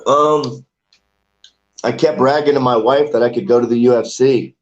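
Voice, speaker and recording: A man in his forties chats loosely as an interview guest, rambling and swearing casually. His voice sits at an ordinary middle pitch. The recording is a bit dull and lo-fi. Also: fairly even intonation, normal speed. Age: 40s. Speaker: amateur MMA fighter, guest.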